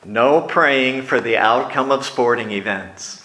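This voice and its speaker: A man preaching in a roomy hall puts on the voice of God, mild and matter-of-fact as he gently reminds a believer of the rules. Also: mid-range voice, takes it slowly, slight background noise. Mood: gently firm.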